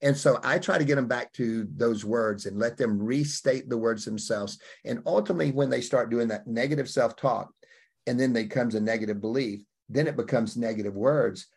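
A husky, middle-pitched man from Alabama gives an emphatic interview answer. He talks in punchy bursts and throws in acted-out quotes. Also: moderate pace, a little mellow. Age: middle-aged. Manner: emphatic, acts out quoted voices, punchy phrasing. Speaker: podcast guest, life coach. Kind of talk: animated conversational interview answer.

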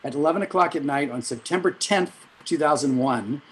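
A man's voice: a little high, a bit bright, a little hiss or hum, low-quality recording. Chatty middle-aged man, rambling anecdotes. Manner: chatty, rambling anecdotes with quick asides and self-corrections. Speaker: music director and vocal coach. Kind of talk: storytelling in an interview.

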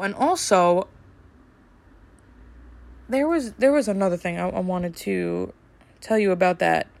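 A woman hosting a casual solo podcast, rambling and chatty with lots of fillers, a little snarky and brisk. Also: on the low side, gravelly. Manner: rambling and chatty, full of "like" and "you know"; brisk, slightly snarky delivery. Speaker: podcast host.

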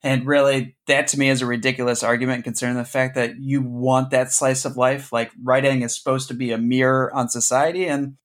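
A man's voice: medium pitch, level tone, a little fast, hardly any pauses. A man co-hosting a casual film podcast, sharing opinions in an easy, chatty way. His voice sits mid-range and he laughs readily between points. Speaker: podcast co-host.

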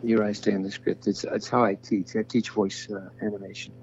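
An older male voice actor, appearing as an interview guest, tells long rambling stories and acts out the voices of the people he quotes. His voice is gravelly and husky, sitting low with little pitch movement, and he talks fairly quickly. The lo-fi recording sounds dull, with slight background noise.

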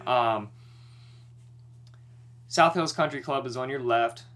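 Animated, forceful young man telling a story. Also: mid-range voice, takes it slowly. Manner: animated, swearing, worked-up retelling. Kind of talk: casual storytelling chat.

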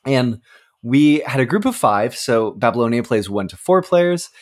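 A man's voice: mid-range voice, animated, moderate pace. A man co-hosting a podcast who designs games, chatting in an upbeat, enthusiastic way. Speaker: podcast co-host, game designer. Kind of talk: casual podcast chat.

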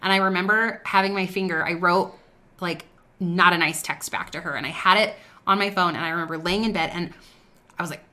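Bright-voiced woman giving earnest faith talk. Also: fairly low pitch, a little fast. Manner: earnest, conversational, personal storytelling. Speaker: podcast host. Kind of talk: faith-based business talk.

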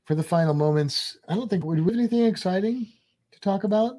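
Rambling relaxed male co-host. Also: high-pitched, fast talker. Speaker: podcast co-host. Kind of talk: casual chat.

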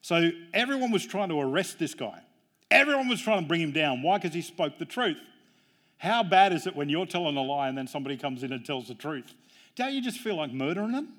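Pastor, male, slightly high voice, jokey storyteller who climbs in pitch to hammer home a point. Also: big pitch swings, a little fast, a bit bright. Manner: jokey, storytelling preacher with emphatic rises. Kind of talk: sermon.

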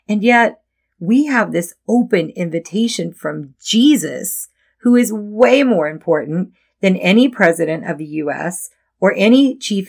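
A middle-aged woman hosting a devotional podcast as a Christian life coach, talking in a gentle, encouraging, reflective way. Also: mid-range voice.

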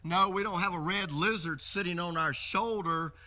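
A male pastor delivering a sermon, working through a story with emphasis and frequent restarts. His voice is fairly high and bright, with a tense edge. He speaks like a preacher addressing a congregation. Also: moderate pace.

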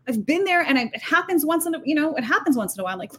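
A woman with a high voice speaks as a guest on a faith podcast. She talks in an animated, emphatic way that drifts into preaching. Her words tumble out fast, with many restarts and fillers. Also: a little hiss or hum. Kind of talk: faith-based podcast conversation.

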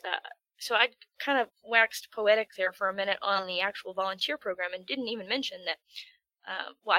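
A woman guest on a casual podcast interview, an animated storyteller who laughs often, talking into a podcast microphone. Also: a little high, dry recording, low-quality recording. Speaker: guest, organized-play event organizer.

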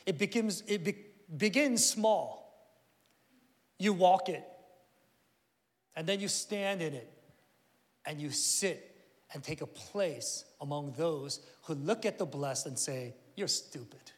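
A middle-aged man preaching a sermon, telling a family story with lively acted-out voices. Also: a little high, slow, long pauses. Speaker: pastor. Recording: long hall reverb.

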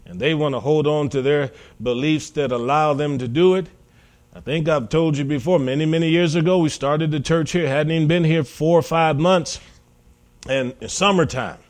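A man's voice: on the high side, normal speed, a little mellow. A middle-aged American man, a pastor, preaching a sermon in a folksy storytelling way, acting out quoted conversations. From United States.

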